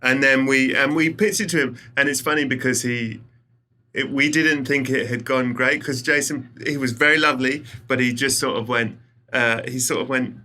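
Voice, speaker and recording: A man who is a podcast guest, telling a story in a casual, animated way. He swears freely and laughs often. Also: medium pitch, fairly quick.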